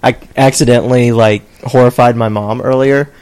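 A man's voice: mid-range voice, steady tone, moderate pace, darkish tone, clean tone. A man co-hosting a podcast, telling a wry anecdote in casual chat. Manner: storytelling, wry. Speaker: podcast co-host.

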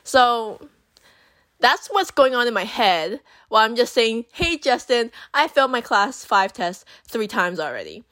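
A woman's voice: a little high, a little slow. A young woman telling a story to camera in a casual, chatty way, swearing freely and using lots of fillers. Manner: profane, animated, chatty with many fillers. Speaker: vlogger.

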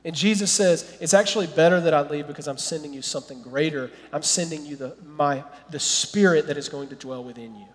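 Man, pastor, sermon, high voice, animated preaching, long hall reverb. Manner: animated preaching that drops to soft, quiet prayer.

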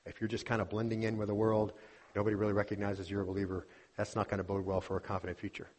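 A man with a low, husky voice delivers a sermon from the pulpit. He teaches earnestly, working through scripture verse by verse and calling his listeners beloved. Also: monotone, racing, a little mellow. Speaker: pastor. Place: church sanctuary.

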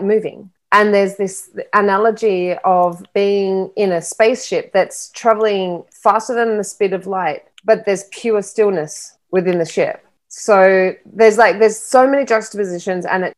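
Woman, spiritual coach and medium, low-pitched, earnest and reflective, unhurried conversational delivery. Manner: earnest, reflective, slow and soft-spoken. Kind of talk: casual interview chat.

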